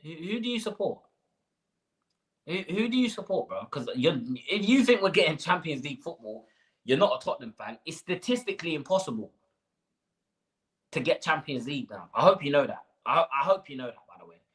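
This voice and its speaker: A man's voice: fairly high pitch, big pitch swings, a little fast, a bit bright, poor audio. A man hosting a live fan stream, ranting with rhetorical questions and slang. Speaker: fan channel host.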